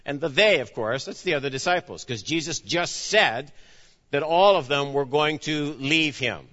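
A man preaching a sermon with a bright, forceful voice, pitched a bit high for a man. He acts out the dialogue of his story, swinging between loud emphasis and a hushed, low delivery. The sound is dull, with a long echo from a big hall. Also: animated, normal speed. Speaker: pastor.

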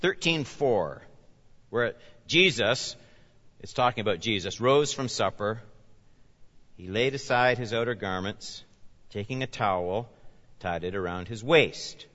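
A man pastor preaching a sermon, with animated emphasis that rises and falls as he explains scripture. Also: fairly low pitch, a little slow, long pauses. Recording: reverberant hall, dull lo-fi sound.

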